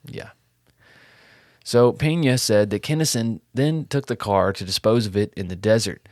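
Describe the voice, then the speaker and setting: A man co-hosting a true crime podcast, retelling the case in a relaxed, casual way and swearing now and then. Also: fairly low pitch, moderate pace, no room sound, studio quality. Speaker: podcast co-host.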